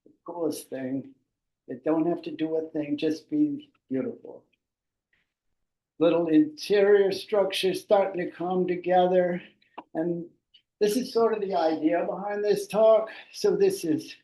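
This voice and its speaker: Here an older man with a mellow, somewhat high voice walks through slides about boat building. His delivery is slow, loose and chatty, peppered with fillers and false starts, and the room echoes as if he stands well back from the microphone.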